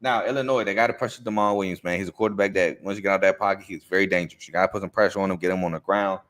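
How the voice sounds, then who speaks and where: A man hosting a sports show, talking through game previews and picks in a loose, conversational way with fillers and quick self-corrections. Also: low-pitched, steady tone, a bit bright. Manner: confident, emphatic picks. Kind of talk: casual game-preview commentary.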